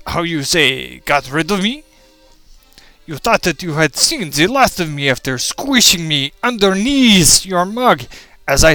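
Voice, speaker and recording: A man's voice: high voice, sharp tone, no room sound, exaggerated voice. A man playing a vengeful male spider with a mock French accent, in a melodramatic comic monologue. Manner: melodramatic, villainous, theatrical. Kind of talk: comedic monologue.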